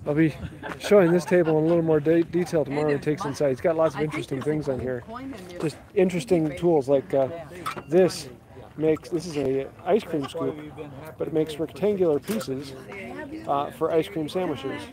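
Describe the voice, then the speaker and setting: At a moderate pace and in a slightly high voice, a woodworking channel host strolls past the tables of an outdoor tool sale. His manner is easygoing and talkative as he reels off tools and prices, with outdoor crowd chatter behind him.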